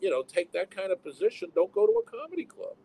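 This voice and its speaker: A comedy club owner gives a casual interview, speaking bluntly and with strong opinions in a high, mellow voice that swings widely in pitch at a fast clip. He's in his home town, where fire sirens sound, and the audio is poor.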